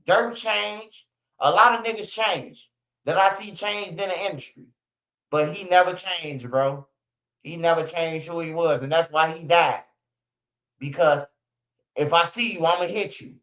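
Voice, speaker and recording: A man with a Chicago accent giving casual, slang-heavy commentary as a channel host, often ending lines with a low "bro" or "man". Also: a bit bright. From Chicago area. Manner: slangy, repetitive, drawls "bro" and "man" low at line ends.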